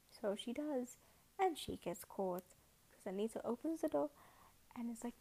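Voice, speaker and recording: A woman's voice: a little high, moderate pace, warm tone, poor audio. A woman hosting a casual podcast, retelling a story in a rambling way, correcting herself often and acting out the quotes. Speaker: podcast host.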